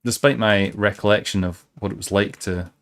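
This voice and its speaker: Male streamer, low voice, rambling and sweary, casual play commentary from home. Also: fairly even intonation, normal speed, a bit bright. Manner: rambling, sweary, many fillers and restarts. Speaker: game streamer.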